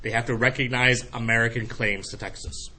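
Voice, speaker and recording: A man teaching a history lecture in a classroom, lively and joking, acting out quick voices to explain his points. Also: medium pitch, slightly rough. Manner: animated, acts out voices in analogies.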